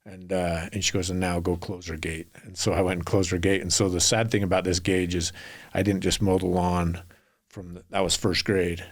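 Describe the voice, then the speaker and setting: A middle-aged man with a low, deep voice, a guest on a podcast. He tells long, rambling stories and slips into the voices of the people in them. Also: level tone, normal speed. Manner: rambling anecdotal storyteller, acts out quotes. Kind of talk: storytelling in a podcast interview.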